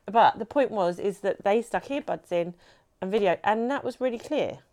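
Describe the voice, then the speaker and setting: A woman's voice: mid-range voice, lively intonation, normal speed, darkish tone. A chatty woman, co-hosting a casual podcast. She rambles and laughs easily, and her talk runs loose and friendly. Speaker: co-host.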